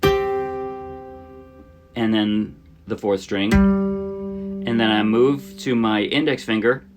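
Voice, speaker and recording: A man teaching a ukulele arrangement in a relaxed, chatty tutorial style. He explains each step and often checks in with the viewer. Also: fairly low pitch, slow, loud music behind the voice. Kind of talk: casual music tutorial. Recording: loud ukulele playing under the speech. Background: his own ukulele playing under the voice.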